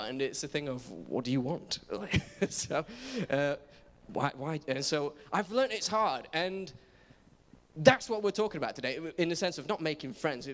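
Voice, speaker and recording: A young man giving a casual, self-deprecating sermon in a church. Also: on the high side. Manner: self-deprecating, chatty, many restarts. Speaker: preacher. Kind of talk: casual sermon with personal stories. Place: church auditorium. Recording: reverberant church hall.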